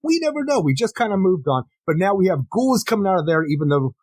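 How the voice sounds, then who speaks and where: A man co-hosting a comic book podcast, ranting quickly and acting out scenes with some swearing. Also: high voice, big pitch swings, a little mellow, no room sound. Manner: fast ranting, acts out dialogue, swears. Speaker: podcast co-host. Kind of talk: casual comic review chat.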